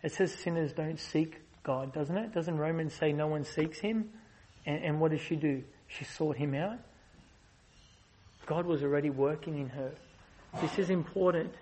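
A man delivering a sermon as a visiting preacher, his voice sitting a little high. He builds to loud, passionate peaks, then drops into soft, slow explaining. The delivery is earnest and driving throughout. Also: slight background noise, rough recording. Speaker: guest preacher.

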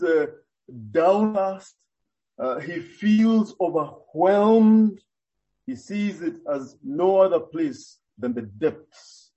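Slow, high-voiced preacher. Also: male voice, warm tone, highs cut off. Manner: earnest, deliberate expounding with frequent hesitations. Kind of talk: sermon.

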